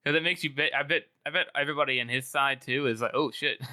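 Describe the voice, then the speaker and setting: A man's voice: medium pitch, quick pace, pushed and bright, clear, resonant tone. A man co-hosting a podcast, chatting eagerly about a book with lots of restarts. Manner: enthusiastic, rambling with many restarts. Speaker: podcast co-host. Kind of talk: casual book discussion.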